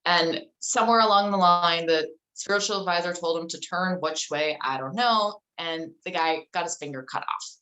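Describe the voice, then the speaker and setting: A woman's voice: fairly low pitch, normal speed, hardly any pauses, bright, forceful tone, poor audio. A middle-aged woman, a guest in an interview, speaking casually and telling a story with many fillers. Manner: chatty, loose storytelling with frequent 'like' and 'um'.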